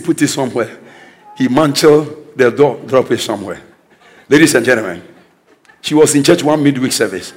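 High, lively preacher man. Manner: exclaiming declarations, swinging between soft asides and shouts. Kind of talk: energetic sermon with storytelling.

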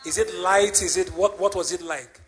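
A man leading a healing service, questioning people and shouting to the crowd to respond. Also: high-pitched, steady tone, moderate pace. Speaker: preacher. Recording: live church service with music.

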